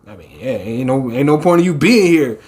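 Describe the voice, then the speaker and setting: Animated, profane man reacting to a manga. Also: medium pitch. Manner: profane, animated, reads manga lines in quick put-on voices. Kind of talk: casual reaction commentary.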